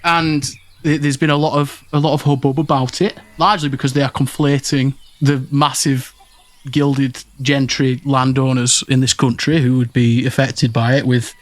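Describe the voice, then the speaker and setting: A man's voice: mid-range voice, level tone, moderate pace, no echo. A man co-hosting a podcast in casual political chat, explaining points and then checking with the others.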